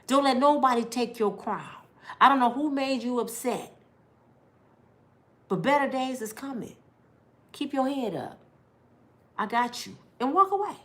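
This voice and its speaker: A middle-aged woman vlogger giving heartfelt life advice in an animated, preachy big-sister way. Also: fairly high pitch, measured pace, long pauses.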